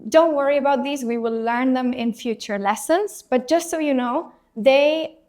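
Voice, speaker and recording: A woman's voice: high voice, normal speed, a little mellow. A woman teaching a beginner language lesson, patiently modelling each letter for the learner to repeat and reassuring them along the way. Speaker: Spanish teacher.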